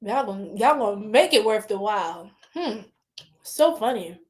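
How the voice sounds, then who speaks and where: A woman's voice: medium pitch, lively intonation, moderate pace, darkish tone. Chatty woman tarot livestreamer. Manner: chatty, swears, laughs often, talks to chat. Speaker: tarot reader livestream host. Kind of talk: casual livestream chat with viewers.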